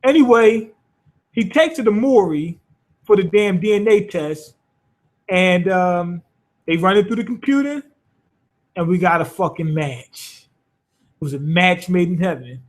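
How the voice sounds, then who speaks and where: Guy with a high voice riffing on a manga chapter, loose, lots of cussing. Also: lively intonation, a little slow, pauses often. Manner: rambling, profane, loose and amused. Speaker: manga reviewer. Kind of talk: casual chapter review.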